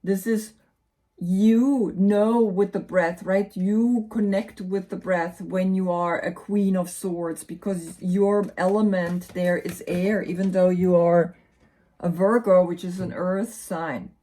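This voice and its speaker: A woman's voice: lowish voice, steady tone, slow pace, warm tone. A woman with a German accent giving a casual tarot reading, rambling and often repeating words. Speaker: tarot reader.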